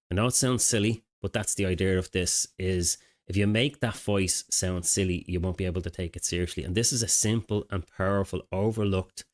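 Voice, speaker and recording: Low-voiced man coaching casually. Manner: casual, conversational, with filler phrases and restarts. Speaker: mindset coach. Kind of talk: direct-to-camera self-help talk.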